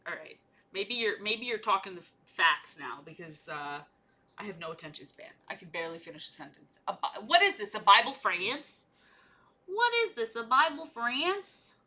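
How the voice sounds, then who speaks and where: A woman's voice: lowish voice, lively intonation, moderate pace, bright, forceful tone. A young woman chatting casually and playfully while she paints miniatures on a livestream, rambling from one joke to the next.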